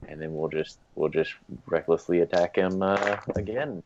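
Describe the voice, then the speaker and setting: Tabletop game player: a man with a very deep voice and a hesitant manner, recorded on a dull, lo-fi mic. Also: normal speed. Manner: hesitant, full of ums while tallying dice. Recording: dull lo-fi mic with faint noise.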